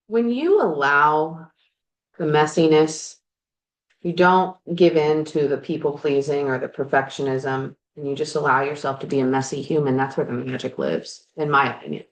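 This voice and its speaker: Low-pitched woman, frank coaching chat, casual swearing, roomy garage echo. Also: normal speed. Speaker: life coach and podcast host. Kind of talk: candid motivational chat. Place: garage, working on projects.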